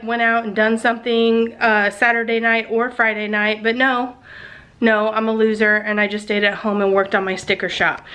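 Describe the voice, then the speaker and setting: Woman, congested, higher voice, chatty with lots of ums, phone camera at home. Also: sharp tone. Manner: chatty, many ums, self-deprecating. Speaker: family vlogger. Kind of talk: casual chat to camera.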